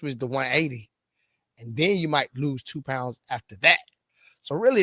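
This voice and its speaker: A man's voice: on the high side, sharp tone, dry recording, studio quality. A middle-aged man coaching fitness, talking casually to the camera, often repeating words and restarting lines. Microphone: camera mic.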